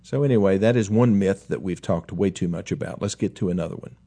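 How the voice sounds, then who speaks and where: A man's voice: sits low, fast talker, mellow. A middle-aged man who owns a car dealership, hosting a casual talk segment in a folksy, rambling way with chatty asides. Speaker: car dealership owner and radio host.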